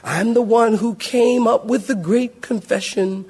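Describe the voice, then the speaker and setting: A man's voice: very high-pitched, a little slow, darkish tone, breathy edge, pitched above the performer's own voice, exaggerated voice. Man doing a smug, boastful Peter. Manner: smug, self-important pleading. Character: boastful apostle Peter, grown man, showing off.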